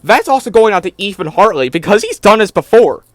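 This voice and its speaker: A man with a high voice delivers an exasperated commentary rant, packed with "like" and "bro". The sound is dry and close, with no room echo. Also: lively intonation, brisk. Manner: exasperated, fills talk with "like" and "bro". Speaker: YouTube commentator.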